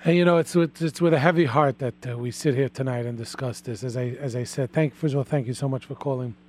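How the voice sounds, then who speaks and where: Mellow-voiced man hosting call-in radio. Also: mid-range voice. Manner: halting, many restarts.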